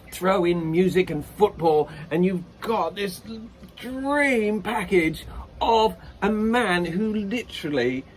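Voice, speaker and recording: Man, vocal coach, reaction commentary, effusive and emotional, slightly high voice. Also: slight background noise, low-quality recording.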